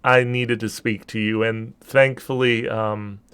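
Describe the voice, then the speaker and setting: A man voicing a gentle, motherly antlered goddess of nature, speaking through a giant in a tabletop game. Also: lowish voice, steady tone, a little slow, smooth, no room sound.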